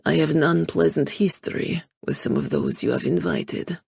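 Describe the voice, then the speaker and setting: A woman's voice: deep voice, normal speed, creaky, darkish tone, husky, no echo, studio quality, exaggerated voice. Woman doing a stern Russian henchman. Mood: cold.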